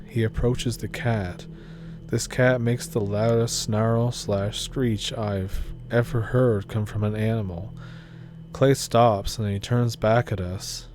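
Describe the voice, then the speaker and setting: A man reading a first-person story aloud as scripted narration, in a steady, low-key storytelling manner. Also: a little hiss or hum.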